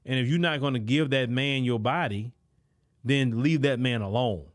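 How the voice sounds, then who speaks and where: A man's voice: medium pitch, moderate pace. A man hosting his own show, giving an emphatic, lecturing commentary with frequent stalling fillers. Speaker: host. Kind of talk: commentary monologue.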